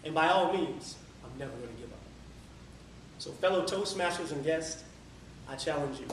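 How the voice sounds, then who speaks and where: A man telling a marathon story as a lively motivational speech at a club meeting. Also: on the high side, moderate pace. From Tampa area. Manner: energetic storytelling, sings a few lines. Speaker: public speaker. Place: meeting room. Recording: echoey room from far off, faint noise.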